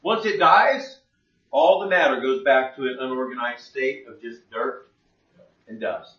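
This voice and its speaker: A man's voice: medium pitch, animated, unhurried, sharp tone. A man teaching the Bible in a conversational sermon, plain-spoken and fond of rhetorical questions. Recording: echoey room, distant mic, dull lo-fi.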